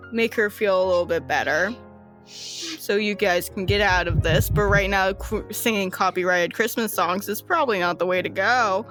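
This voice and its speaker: A woman's voice: mid-range voice, a bit bright. A woman acting as game master, narrating a tabletop game in a playful, teasing way with frequent laughs.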